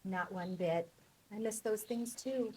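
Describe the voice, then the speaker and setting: A woman voicing a blunt, skeptical neighbor in a radio play, quick to scold. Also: mid-range voice, darkish tone, breathy edge. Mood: wistful.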